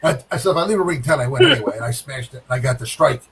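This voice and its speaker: A middle-aged man telling a bowling story in casual chat, animated, with sound effects and repeated phrases. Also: medium pitch, rapid-fire, far from the mic, low-quality recording. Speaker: guest pro bowler.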